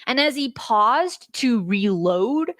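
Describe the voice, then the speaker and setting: An excited woman hosting a live stream, talking straight to her viewers in a fairly high, chatty voice. The sound is dry and close, with no room echo. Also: slow. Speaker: host. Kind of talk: live-stream case study talk.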